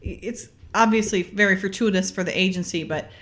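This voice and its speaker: A woman's voice: medium pitch, brisk. A woman hosting a podcast, casually recapping a TV episode, chatty with frequent fillers and laughter. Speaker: podcast host.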